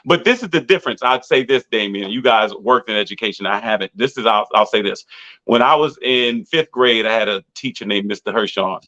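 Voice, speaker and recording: A man's voice: lowish voice, brisk, bright, forceful tone. A man on a podcast panel telling personal anecdotes and acting out the quotes in them, in a casual way. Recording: slightly dull, lo-fi sound.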